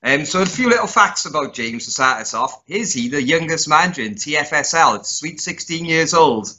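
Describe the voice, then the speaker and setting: Bright-voiced man, deadpan jokes. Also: a little high, brisk. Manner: dry deadpan jokes, hesitant ums. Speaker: co-host. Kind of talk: casual podcast banter. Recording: slightly dull lo-fi sound.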